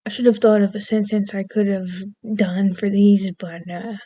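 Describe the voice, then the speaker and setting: Young woman rambling goofily, mellow. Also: mid-range voice, steady tone, moderate pace, dry recording. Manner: goofy, self-deprecating, meandering. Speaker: vlogger. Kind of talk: rambling casual chat.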